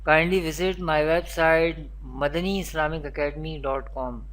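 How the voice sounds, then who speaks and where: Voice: medium pitch, fairly even intonation, normal speed, fairly bright tone. A Quran teacher giving a beginner recitation lesson, naming letters one at a time and repeating spelling drills. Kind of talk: recorded beginner pronunciation lesson.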